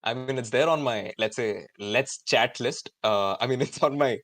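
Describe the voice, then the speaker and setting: A man in his twenties with an Indian English accent, hosting a live online student event in an energetic, chatty way with many fillers. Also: mid-range voice, normal speed, slight background noise. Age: 20s. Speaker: host.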